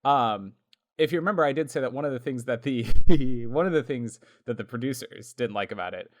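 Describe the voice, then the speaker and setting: A chatty man co-hosting a podcast, talking in a loose, unscripted way with plenty of "like" and "um." His voice sits at a middle pitch, and he breaks into laughter easily as he tells his story. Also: expressive, a little fast. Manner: chatty, laughs often, lots of fillers. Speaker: podcast co-host. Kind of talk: casual podcast chat.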